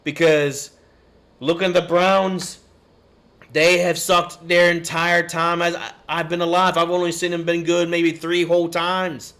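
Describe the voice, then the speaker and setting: A man's voice: a little high, flat delivery, a little slow, fairly bright tone. A man, hosting a live sports stream and ranting in a frustrated, rambling way. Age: 30s. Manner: frustrated, rambling, cursing and sighing. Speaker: podcast host.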